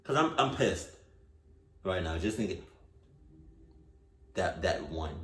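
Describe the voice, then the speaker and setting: Animated, cursing male reaction host. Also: low voice, measured pace, long pauses, reverberant. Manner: animated, profane, ranting. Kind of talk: casual reaction commentary.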